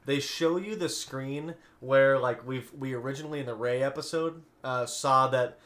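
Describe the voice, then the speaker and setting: A man co-hosting a casual podcast at an ordinary middle pitch. He answers in short, easygoing replies and throws in blunt, joking asides while his friend retells the story. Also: moderate pace, fairly bright tone. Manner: laid-back, short agreeing replies and blunt jokes. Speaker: podcast co-host. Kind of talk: casual recap chat.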